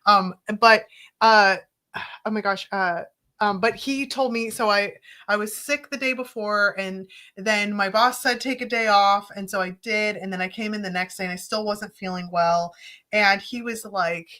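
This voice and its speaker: A woman co-hosting a casual podcast chat, telling funny stories with lively, joking energy and acting out both sides of conversations. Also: mid-range voice, a little slow. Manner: animated, joking, acts out dialogue with rising exclamations. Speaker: co-host, therapist.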